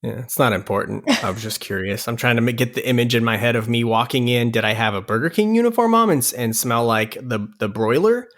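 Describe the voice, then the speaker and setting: A man's voice: mid-range voice, expressive, fast, hardly any pauses, fairly bright tone. A man co-hosting a podcast in casual chat with wry, self-deprecating remarks. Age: older than his sister. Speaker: podcast co-host.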